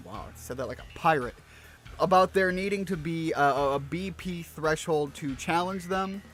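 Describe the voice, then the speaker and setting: A rambling male streamer talks casually over his game, full of fillers and self-deprecating asides. His voice sits a little high for a man. Faint music runs underneath. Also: normal speed, fairly bright tone. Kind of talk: let's-play commentary.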